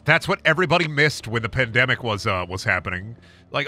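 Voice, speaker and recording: Lively, bright young man streaming a game. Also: medium pitch, fast, faint music behind. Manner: rambling, joking, profane asides. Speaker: gaming streamer. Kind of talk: casual game-stream commentary.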